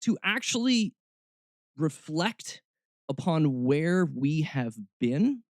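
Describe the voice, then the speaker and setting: A man's voice: a little high, sing-song, slow, dry recording, studio quality. A man hosting a snarky comedic podcast, talking sarcastically and slipping into mock voices. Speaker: podcast host.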